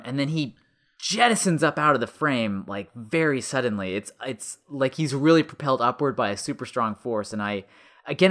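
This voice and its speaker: A man's voice: mid-range voice, a bit bright. A man co-hosting a podcast who talks about a film with enthusiasm, often searching for words. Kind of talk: casual film discussion.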